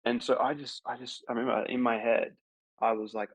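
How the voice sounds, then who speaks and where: Speaking fast with little pitch movement, a gravelly low-voiced actor guest rambles through a long, filler-filled anecdote in a casual podcast interview. The audio is dull, dry, lo-fi, and without echo.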